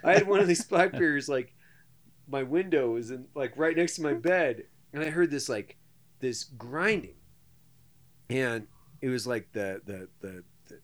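A man hosting a podcast, telling a profane, animated story in casual chat. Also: medium pitch, measured pace. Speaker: podcast host.

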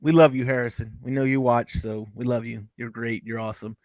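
Casual review co-host, man, middle-pitched, rambly and chatty, dry close sound. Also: level tone, a little fast, darkish tone, dry recording. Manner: rambling, chatty, with frequent restarts and asides. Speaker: podcast co-host reviewing TV episodes.

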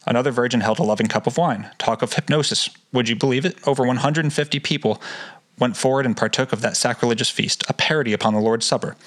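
A man's voice: mid-range voice, quick pace, fairly bright tone. Male co-host, medium voice, reads passages then riffs casually with profanity. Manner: swears casually, chatty asides. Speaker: podcast co-host. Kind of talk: reading a book aloud with casual commentary.

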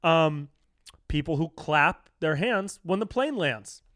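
Speaking slowly in a fairly high voice, a young man runs a solo comedy podcast, ranting loosely with plenty of profanity and slang. He says "dude" and "bro" a lot and stays animated, with clean studio sound and no echo.

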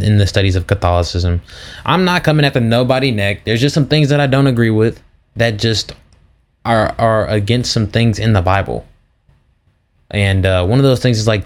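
A young man hosting a faith podcast, telling stories in a casual, slangy, animated way. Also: on the low side. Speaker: podcast host. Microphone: podcast mic.

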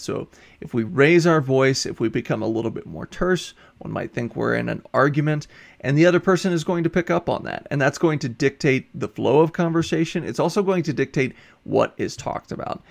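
A man's voice: medium pitch, normal speed, creaky. A man who is a college instructor, giving a recorded lecture and explaining ideas step by step with examples, now and then correcting himself mid-word. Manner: explanatory, steady, gives worked examples. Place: recorded for an online course video.

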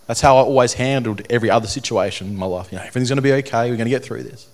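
Young man, earnest testimony speaker, halting and repetitive, mid-pitched voice. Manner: earnest, halting, repeats phrases. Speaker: speaker telling his testimony. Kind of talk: personal testimony talk to an audience.

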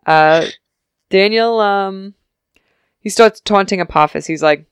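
A young woman co-hosting a podcast, chatting casually about a TV episode and acting out the characters in quick voices, laughing often. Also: medium pitch, smooth, dry recording, clean studio sound. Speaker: podcast co-host recapping a TV episode. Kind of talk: casual chat.

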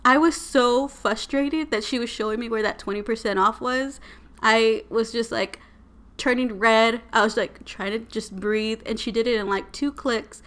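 Bright animated woman. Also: fairly high pitch, normal speed. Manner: animated, exasperated storytelling. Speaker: podcast co-host. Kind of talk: casual chat.

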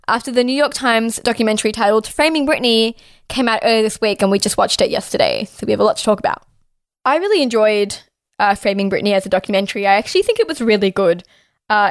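Fast, fired-up young woman ranting. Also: on the high side, animated, no echo, clean studio sound. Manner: heated, sarcastic ranting with frequent swearing. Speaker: podcast co-host. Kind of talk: casual podcast chat.

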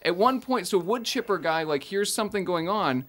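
A man with a fairly high voice that swings widely in pitch, riffing through a casual film discussion. He talks with sarcastic asides and breaks into laughs, as a podcast co-host. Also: expressive, normal speed, a bit bright.

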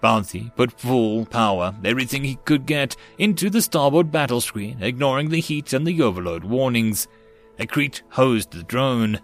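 Male audiobook narrator, steady even read, mid-pitched, faint music under him. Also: normal speed.

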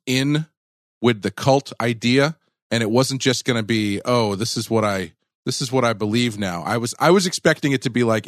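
A male podcast co-host with a low voice, chatting casually about an episode. He stumbles and restarts as he hunts for words, recorded close on a dry mic. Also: no room sound. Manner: halting, searches for words, many fillers and restarts. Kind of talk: casual review chat.

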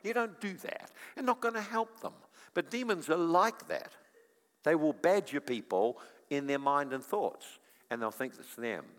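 A middle-aged man preaching a sermon, telling stories and swinging from quiet to loud. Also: fairly high pitch, animated, unhurried. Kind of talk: sermon with storytelling. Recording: long echo of a large hall.

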